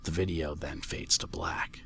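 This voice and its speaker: A man reading a scripted creepypasta horror story in a hushed voice that often drops to a near whisper. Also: rumbling low, fairly even intonation, unhurried. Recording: faint music bed under voice.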